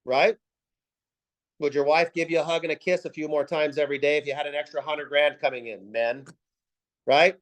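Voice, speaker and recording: A man's voice: fairly high pitch, fairly even intonation, moderate pace, pauses often, low-quality recording. A man leading a team video call, talking in punchy, emphatic rhetorical questions and repeating himself for effect. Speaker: team leader giving a sales pep talk.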